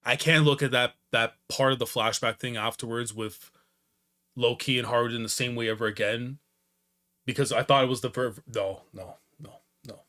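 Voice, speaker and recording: A young man reacting to a manga chapter, excitable and slangy, jumping between loud outbursts and low mutters. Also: moderate pace. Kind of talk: animated reaction commentary.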